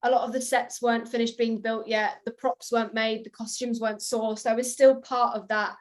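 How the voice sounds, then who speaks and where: A young woman, an actress, telling quick, giggly stories in an interview. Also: a little high, flat delivery. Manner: giggly, fast storytelling. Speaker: actress guest. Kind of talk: animated interview anecdote.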